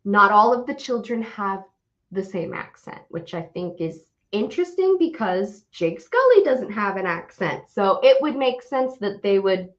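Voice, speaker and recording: A young adult woman co-hosting a podcast in casual chat, animated and swearing often as she rants. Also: mid-range voice, a little slow. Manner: animated, swears often, laughs while ranting. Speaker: podcast co-host. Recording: dull lo-fi audio.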